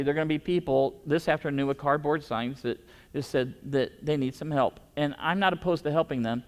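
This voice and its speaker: A male pastor preaching in a church, talking like a storyteller and often starting a phrase over. His voice sits a little high for a man. A long reverb hangs after his words. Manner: conversational preaching with storytelling and repeated restarts. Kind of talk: sermon.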